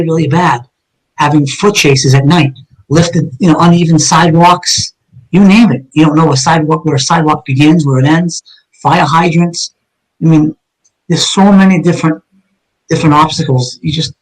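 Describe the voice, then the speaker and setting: Middle-aged ex-cop guest, high-ish voice, intense retelling full of restarts. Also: male voice, poor audio. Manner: vivid and intense, with frequent restarts and repeated words. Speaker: retired detective telling his story as a guest. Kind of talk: dramatic first-person storytelling in an interview.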